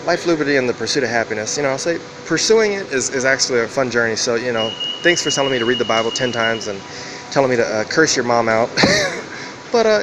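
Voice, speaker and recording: A man rambling through a profane, casual monologue while riding a train, laughing often. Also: mid-range voice. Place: on a train and station platform. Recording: noisy train ambience.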